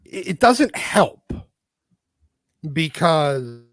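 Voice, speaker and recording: A man's voice: a little high, big pitch swings, extremely slow. A man arguing his points in a casual panel discussion over a video call, listing examples with hesitant fillers.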